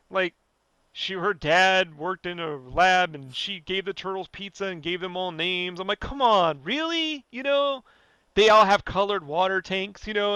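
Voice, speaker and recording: Animated and swearing, a male podcast guest rants casually and keeps pressing his point in a high, bright, clear, resonant voice. The recording is dry and close, with no surrounding room.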